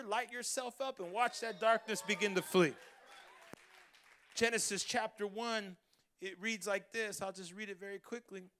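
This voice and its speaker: A man preaching a Christmas sermon as pastor, calling the congregation to repeat after him and rising to shouts. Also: very high-pitched, clear, resonant tone. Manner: preaching with congregation call-and-response, building to shouts. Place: church Christmas service.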